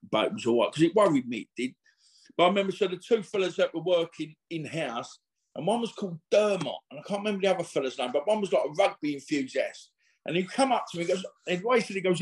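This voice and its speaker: Rambling man telling stories. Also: on the high side. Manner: rambling and slangy, full of restarts and acted-out quotes. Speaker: interview guest. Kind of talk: casual anecdotal storytelling.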